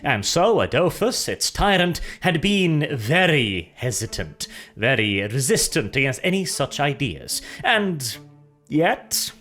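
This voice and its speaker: A man casually retelling lore as a storyteller, animated and jokey, with asides and laughter. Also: a little high, slow pace, soft background music.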